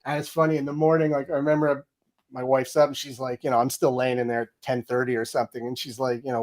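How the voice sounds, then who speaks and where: A man's voice: mid-range voice, steady tone, fast talker, a little mellow. A middle-aged man telling a story with energy in an interview, acting out his own quoted lines. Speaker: guest, game audio director.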